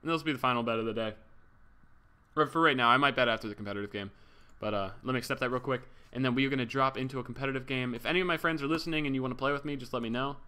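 A young man hosts his game livestream with a bright, ringing voice. He chats casually, cracks goofy jokes and stops to thank viewers. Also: medium pitch, rapid-fire, clear, resonant tone. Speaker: streamer.

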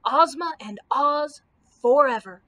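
A woman's voice: high-pitched, expressive, slow, sharp tone, heavily acted. A woman reading aloud as a gallant, old-fashioned male knight who speaks in courtly words. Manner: courtly, impulsive.

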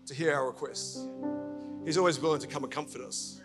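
Earnest preacher with a fairly high voice. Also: male voice, fairly even intonation, fairly quick, over music. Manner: earnest, storytelling, appealing directly to listeners. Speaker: senior pastor. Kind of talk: sermon. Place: church service.

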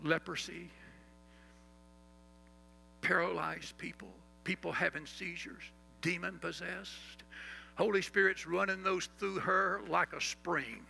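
A man pastor preaching a sermon, leading the congregation in call-and-response and reciting scripture, sometimes dropping to a soft, slow voice for emphasis. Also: high voice, steady tone, creaky, faint music behind, rough recording.

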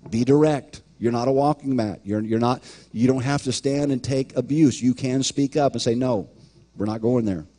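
A man's voice: medium pitch, fairly even intonation, moderate pace, hardly any pauses, mellow. A man preaching a sermon as pastor, emphatic, often repeating words and acting out imagined voices.

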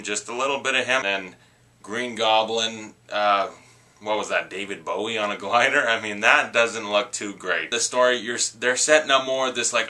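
A man with a low voice and a very bright, sharp edge to it, ranting about trailers. He talks bluntly and rambles from point to point, opinionated throughout. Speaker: movie trailer reviewer. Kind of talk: casual opinionated rant.

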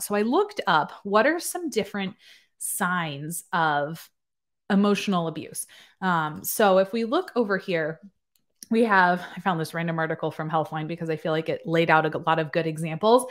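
Nurse lady in her 30s ranting on a reaction vid, sarcastic, lotsa likes and ums, bit low voiced. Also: moderate pace. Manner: sarcastic, chatty, many fillers. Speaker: nurse practitioner commentator. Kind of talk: casual reaction-video commentary.

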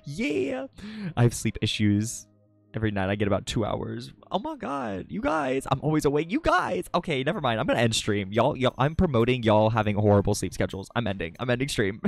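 Young streamer dude, early 20s, giggles and cusses nonstop, voice bounces way up and down, bit of gravel, faint music behind. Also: male voice, big pitch swings, a little fast, no echo. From California. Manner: giggly, swears a lot, swings into high squeals. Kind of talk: casual live-stream chat with viewers. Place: home at night.

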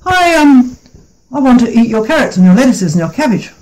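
A man's voice: extremely high pitch, sing-song, a little fast, darkish tone, voice pushed up. A man voicing a small, eager young male billy goat who talks in a hungry, coaxing way.

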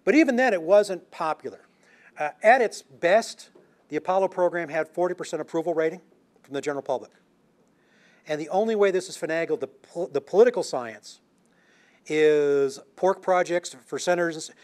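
A man's voice: a little high, normal speed, a little mellow. Older man telling space stories. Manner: storytelling with asides and restarts. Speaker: lecturing astronomer. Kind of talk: public science talk.

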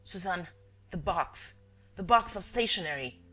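A woman voicing an agitated older man, a father who stammers and shouts. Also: on the low side, expressive, normal speed, faint music behind. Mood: frantic.

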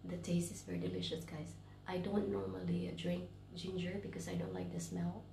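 Her lowish voice is creaky and warm, fairly quick, with little pitch movement, heard in a reverberant room with a little hiss or hum. An English teacher who vlogs, she chats casually from her bedroom while in self-quarantine with a cold, tired and often dropping to a whisper.

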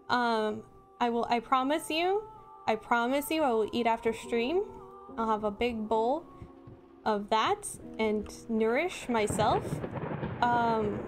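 A woman live-streaming a horror game, chatting and apologizing to viewers, laughing nervously and breaking into sudden screams. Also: fairly high pitch. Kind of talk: casual live-stream chat.

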